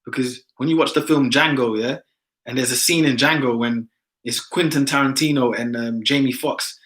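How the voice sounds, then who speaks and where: A man's voice: mid-range voice, steady tone, normal speed, a bit bright, low-quality recording. A man in casual discussion, talking emphatically and ending many phrases with "man".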